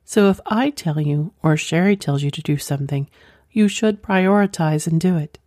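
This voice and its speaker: A woman's voice: sits low, moderate pace, a little mellow, no room sound, clean studio sound. A woman reading the firm, instructing lines of a commanding wife in a story.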